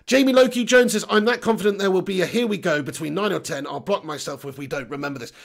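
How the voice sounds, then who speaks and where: Young male host, hoarse and raspy, matey and blunt, a higher voice with fry. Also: fast talker. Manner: chatty, matey shout-outs, blunt opinions. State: hoarse, voice going. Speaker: football channel host. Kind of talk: casual live-stream chat, reading viewer comments.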